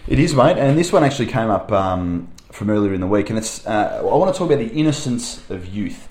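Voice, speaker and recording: A man's voice: lowish voice, fairly quick, echoey room. A young Australian man, a primary school teacher, telling a rambling anecdote on a chat podcast with lots of fillers. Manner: rambling, animated storyteller with fillers.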